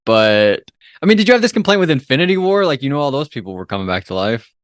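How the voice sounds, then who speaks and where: Easygoing male co-host, lively pitch. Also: fast talker, no echo, clean studio sound. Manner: easygoing, retells scenes, laughs. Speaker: podcast co-host. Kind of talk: casual film review chat.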